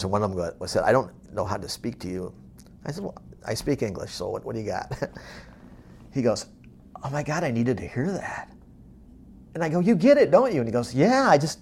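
A man's voice: medium pitch, creaky, darkish tone, slightly rough. A man who runs a moving company, telling motivational stories in a blunt, tough-love way, swearing freely and acting out the conversations he retells. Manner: acts out quoted conversations. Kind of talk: motivational storytelling.

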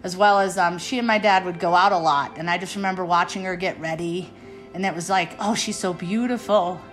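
A woman's voice: on the low side, fairly even intonation, fairly quick, soft background music. Fond woman in her fifties reminiscing. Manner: warm, fond recollection with fillers and acted-out quotes. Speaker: interviewee, one of five siblings. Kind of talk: reminiscing family interview.

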